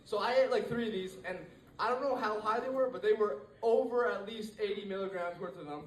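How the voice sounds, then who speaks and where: His voice sits high and moves a little fast as this teenage comedian rambles through a live stand-up set full of fillers and restarts. There is a little hiss or hum, and the sound is echoey from a far-off mic.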